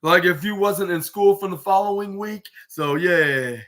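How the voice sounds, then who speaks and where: A man's voice: high-pitched, unhurried, a bit bright. A man hosting a podcast, recapping wrestling in a rambling, casual way full of "like" and restarts, acting out what the wrestlers said. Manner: rambling, heavy use of "like" and restarts, acts out quotes. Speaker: podcast host.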